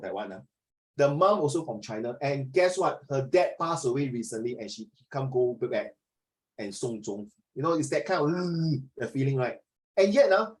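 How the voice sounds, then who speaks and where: A man's voice: mid-range voice, darkish tone, poor audio. A middle-aged man with a Singaporean accent, teaching an online class in a rambling, chatty way, dropping "ah" and "lah" and switching into Mandarin. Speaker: social studies tutor.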